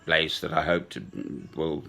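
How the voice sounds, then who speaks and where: A man in his sixties talking in a slow, sentimental, rambling personal monologue with chuckles. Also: very deep voice, level tone, vocal fry, bright, forceful tone. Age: 60s. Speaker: speaker addressing a woman.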